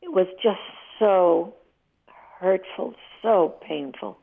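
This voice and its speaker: A woman's voice: medium pitch, takes it slowly, vocal fry. A woman in her eighties, a guest telling heartfelt stories in an emotional, vivid way during a radio interview. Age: 80s. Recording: tinny phone line.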